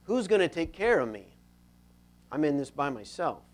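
A man voicing a jealous, resentful male church member who grumbles and pities himself, with a high, loud, whiny delivery. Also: big pitch swings, moderate pace. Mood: self-pitying. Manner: whiny, resentful, self-pitying.

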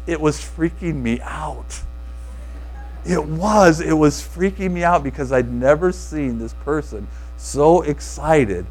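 A male preacher with a fairly high voice tells a story from the pulpit in an easy, conversational way. He stumbles and restarts his sentences and turns to speak directly to the congregation with asides. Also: a little mellow, rough recording. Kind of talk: informal sermon storytelling.

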